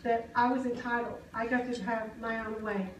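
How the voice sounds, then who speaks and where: A woman preaches an earnest, conversational sermon, often putting questions to the congregation. Her voice is on the high side and steady at a moderate pace. The distant mic picks up an echoey hall and slight background noise.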